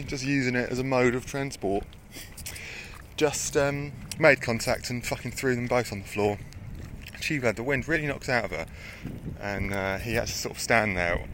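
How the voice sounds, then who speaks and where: A man's voice: medium pitch, fairly bright tone, slight background noise. A man telling rambling, sweary anecdotes in casual chat, often laughing as he goes.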